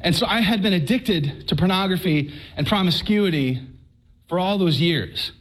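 A man from Texas with a noticeably high voice tells his faith story to a crowd of listeners. He is a lively, comic storyteller who stammers and repeats words to land his punchlines. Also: normal speed, poor audio. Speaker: speaker giving his conversion testimony. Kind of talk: humorous personal testimony told to a live audience. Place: speaking before an audience.

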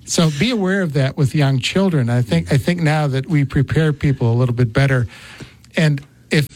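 A man hosting a talk show, telling a personal story in a lively, conversational way. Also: on the high side, normal speed. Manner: storytelling, animated. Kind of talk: casual chat.

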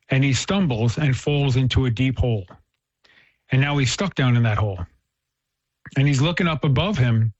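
Chatting casually, a man with a medium-pitched voice tells a story and sincerely lays out his thoughts on faith, frequently starting over mid-sentence. It's a dry, dull-sounding lo-fi recording.

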